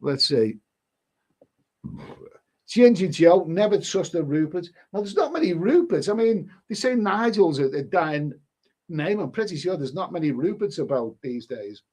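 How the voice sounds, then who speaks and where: A man's voice: a little high, expressive, measured pace, darkish tone. A middle-aged man hosting a live stream in casual chat, rambling and often restarting his sentences as he reads viewer comments. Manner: rambling, repeats words, frequent restarts.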